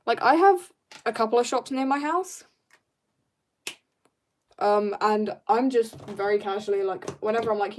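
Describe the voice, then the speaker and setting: Her voice is a little high and unhurried, with long pauses and slight background noise. She's a woman drawing live on stream, reading chat and chatting with viewers in a bubbly, laugh-filled way.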